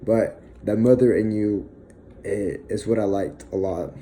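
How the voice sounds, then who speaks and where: Young man, low and mellow, halting emotional monologue, near tears, faint background hiss. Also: poor audio. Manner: halting, with frequent fillers and sighs. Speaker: vlogger.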